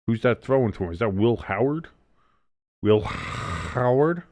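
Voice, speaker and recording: A man's voice: fairly low pitch, fast, darkish tone, no room sound. A man hosting a live football watch-along, calling plays and chatting casually with viewers, swearing freely. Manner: casual and profane, reads the chat. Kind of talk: live game commentary and chat.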